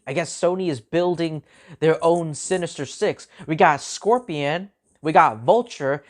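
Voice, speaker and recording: Rant-style reviewer, male, worked up, circles back on his own questions, halting restarts. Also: a little high. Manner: agitated, repeats himself, frequent restarts. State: angry. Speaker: movie reviewer. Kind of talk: ranting film review.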